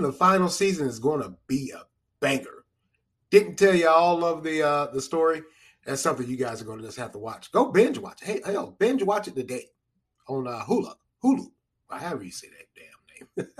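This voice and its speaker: A man's voice: on the high side, a bit bright. A man hosting a casual solo podcast, rambling and repeating himself with chuckling asides. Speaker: podcast host.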